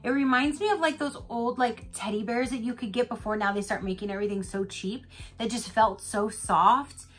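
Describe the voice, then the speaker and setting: A woman's voice: on the high side, normal speed, husky, soft background music. A woman vlogger chatting casually through an unboxing, telling stories with lots of laughter. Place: home in Florida.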